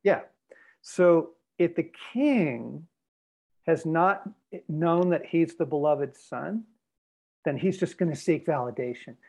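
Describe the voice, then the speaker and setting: A man's voice: fairly high pitch, lively intonation, slow, creaky, darkish tone. A man speaking as a podcast guest, emphatic and repetitive with a preacher-like drive. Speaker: guest speaker on men's development. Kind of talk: podcast conversation.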